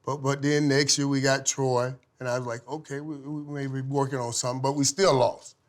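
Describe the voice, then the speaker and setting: A middle-aged man, a former football player, telling lively stories as a podcast guest, laughing often and swinging from loud to hushed. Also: medium pitch, a little fast. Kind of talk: animated storytelling in casual chat.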